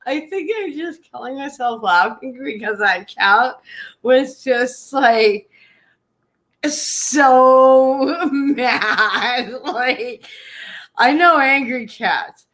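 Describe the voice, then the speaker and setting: A woman's voice: high voice, expressive, slow pace, sharp tone. A woman live-streaming in casual chat, often laughing through her words.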